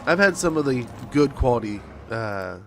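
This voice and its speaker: Streamer, male, thirties, mid-pitched, rambling casual storyteller who keeps restarting sentences. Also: lively intonation, moderate pace, a little hiss or hum. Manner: rambling, with many restarts and self-corrections. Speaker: game streamer.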